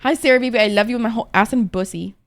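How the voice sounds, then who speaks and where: A woman's voice: on the high side, rapid-fire. A young adult woman streaming, chatting casually with her viewers in a playful, rambling, profane way, often laughing.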